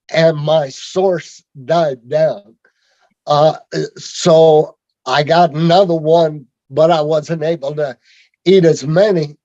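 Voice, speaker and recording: A man telling his own story on a video call in a rambling, halting way, with many fillers and restarts. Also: on the high side, a little mellow, no echo. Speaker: speaker sharing his story. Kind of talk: rambling personal testimony. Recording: dull lo-fi video call audio.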